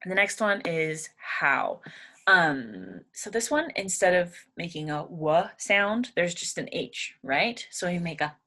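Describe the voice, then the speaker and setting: A woman's voice: lowish voice, very animated, unhurried, sharp tone. A young woman teaching English pronunciation, patiently repeating each word aloud several times. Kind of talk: pronunciation lesson.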